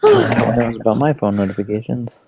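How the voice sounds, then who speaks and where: A man's voice: medium pitch, huge pitch swings, brisk, creaky, heavy background noise. A laid-back man chatting casually with friends, often chuckling. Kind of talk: casual chat among friends.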